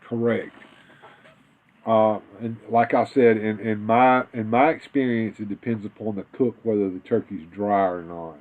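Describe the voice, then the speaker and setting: A man's voice: lowish voice, fairly even intonation, unhurried. A man co-hosting a casual live stream, rambling and restarting his sentences as he chats. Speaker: co-host of a toy live stream. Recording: tinny phone-like audio.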